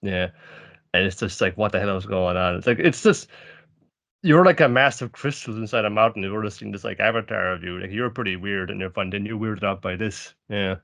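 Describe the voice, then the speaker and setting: A man co-hosting a podcast, rambling casually about anime with halting restarts and a lot of swearing. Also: lowish voice, vocal fry, fairly bright tone. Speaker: podcast co-host. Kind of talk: casual chat reviewing anime.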